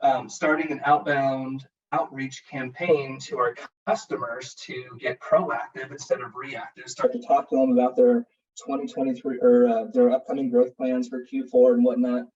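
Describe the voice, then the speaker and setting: A man's voice: medium pitch, little pitch movement, moderate pace, darkish tone. A man on a video call sharing how a leadership course helped him, rambling and repeating words. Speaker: program participant. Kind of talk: casual testimonial on a video call. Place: home, siren heard outside. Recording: distant, dull video call audio.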